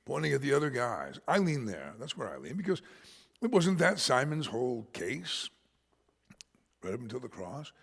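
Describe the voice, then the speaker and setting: An American man preaching a sermon as pastor, an animated storyteller who punches out words for emphasis and jokes about himself. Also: mid-range voice, normal speed, creaky, husky. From United States. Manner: animated storyteller, shouts words for emphasis, self-deprecating humor. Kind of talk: expository sermon. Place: church sanctuary. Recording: church hall reverb.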